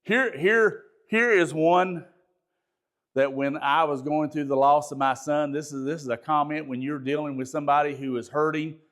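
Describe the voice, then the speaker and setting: A pastor giving a conversational training talk, folksy, repeating words and asking the audience questions. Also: male voice, on the high side, fairly even intonation, moderate pace, fairly bright tone.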